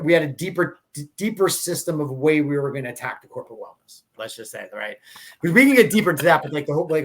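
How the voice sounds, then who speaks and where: A man hosting a podcast in a slightly raised voice. He tells stories casually and rambles, breaking off and restarting his sentences and laughing along the way. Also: fairly high pitch. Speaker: podcast host. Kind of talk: casual conversational storytelling.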